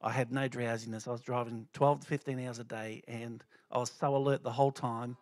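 A man's voice: medium pitch, flat delivery, brisk, dry recording. Rambling man giving a testimony. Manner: rambling, conversational, many fillers and restarts. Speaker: lay speaker sharing a testimony. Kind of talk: informal church testimony.

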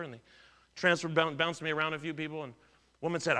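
Man, middle-aged, pastor, sermon, high pitch, conversational, repeats words. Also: fairly even intonation, fast talker, pushed and bright. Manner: conversational, tells personal stories, restarts and repeats words.

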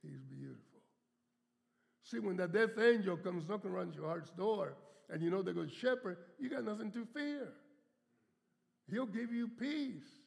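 Gravelly older man preaching in a reverberant hall. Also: sits high, normal speed. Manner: storytelling preacher, stretches key words for emphasis. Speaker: guest preacher. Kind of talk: sermon.

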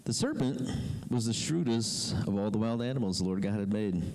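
Guy preaching a sermon, leans hard on words, slows way down to make a point. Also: fairly low pitch, a little mellow, low-quality recording. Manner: emphatic preaching with slow, drawn-out pauses. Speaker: pastor.

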